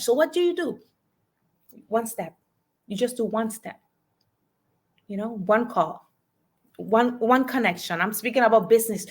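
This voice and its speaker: Emphatic woman life coach. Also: medium pitch. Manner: emphatic, coaching, repeats affirmations, asks listener to speak along. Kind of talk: motivational podcast talk.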